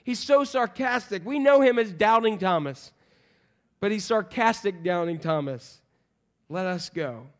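A man's voice: high-pitched, normal speed. A man preaching a sermon in a chatty, joking way, putting questions to the congregation. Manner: conversational, joking, quizzes the congregation. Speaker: pastor.

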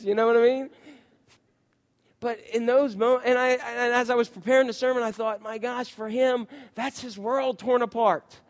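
Male pastor, thirties, high voice, chatty storytelling sermon style. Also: little pitch movement, normal speed, in a large hall. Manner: conversational, storytelling with voiced quotes. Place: church.

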